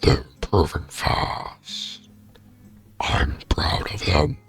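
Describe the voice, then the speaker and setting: A man voicing a weary, hopeful male traveler in whispered role-play, with a gravelly, breathy, solemn delivery. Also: over music. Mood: wistful. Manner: slow, solemn, wistful.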